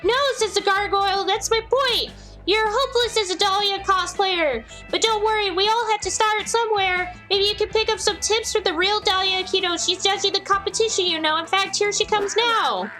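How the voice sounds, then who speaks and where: A woman's voice: very high-pitched, normal speed, bright, forceful tone, faint music behind, voice pushed up. A woman voicing a scandalized, fussy gargoyle who scolds in a prim, sing-song way. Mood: scolding. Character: scandalized blue-plated gargoyle, fussy know-it-all. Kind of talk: reading a narrative game aloud.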